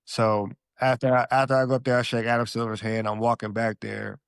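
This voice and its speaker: A man from Alaska, a podcast guest, telling stories in a relaxed, slangy way and acting out his own past lines. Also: mid-range voice, fairly quick, gravelly, smooth, dry recording, studio quality. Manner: animated storyteller who acts out his own past lines. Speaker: podcast guest, former pro basketball player. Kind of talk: casual storytelling interview.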